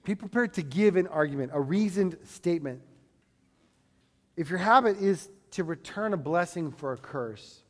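A high-voiced male pastor delivers a sermon, preaching emphatically yet conversationally and posing rhetorical questions. The long reverb of a large hall surrounds his voice.

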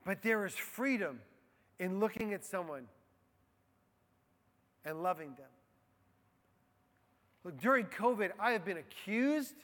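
A man preaching a sermon as a pastor, slow and deliberate, letting key phrases fall soft and quiet. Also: sits high. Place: church. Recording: long hall reverb.

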